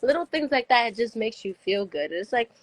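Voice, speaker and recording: A woman's voice: on the high side, expressive, fairly quick, dry recording, low-quality recording. A woman giving travel tips in casual chat on a live show. She talks chattily, filling her talk with "like" and acting out the people she quotes.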